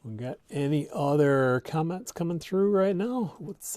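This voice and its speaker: A man's voice: on the high side, very animated, takes it slowly, darkish tone, dry recording, clean studio sound. A man hosting a live-stream health talk as a clinician. He explains research and reads viewer comments in a conversational way, with many fillers and restarts. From United States. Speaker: host and clinician.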